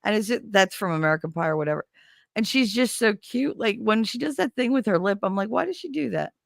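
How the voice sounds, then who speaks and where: A woman hosting a casual stream chat, telling stories in an animated way and laughing often. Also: medium pitch, fast, dry recording, clean studio sound. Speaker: streamer host.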